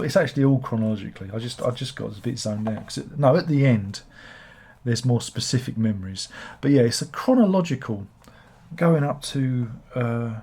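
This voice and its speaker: A man chats his way through a casual book review. His voice is husky and rough, and his delivery wanders, mixing sardonic jabs with cheerful self-mockery. The pitch sits in an ordinary middle range. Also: warm tone. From England. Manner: rambling, sardonic and self-mocking. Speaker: book reviewer, channel host.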